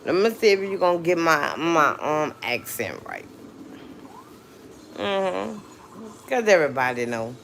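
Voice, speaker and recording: A woman's voice: deep voice, lively intonation, unhurried, pauses often, fairly bright tone, a little hiss or hum. A woman with a New Orleans accent chatting casually to her livestream viewers, drawling and dropping frequent mm-hmms. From New Orleans, Louisiana. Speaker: livestream host.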